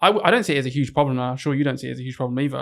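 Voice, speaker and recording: Guy, talks quick, gravelly, teasing but reassuring. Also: medium pitch. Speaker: teacher and podcast co-host. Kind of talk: casual podcast chat.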